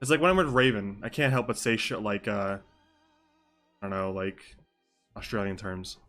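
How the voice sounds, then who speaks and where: A man's voice: on the low side, moderate pace, fairly bright tone, soft background music. A young adult man streaming live, chatting casually over a game in a loose, joking way and swearing freely. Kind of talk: casual live-stream chat during game role-play.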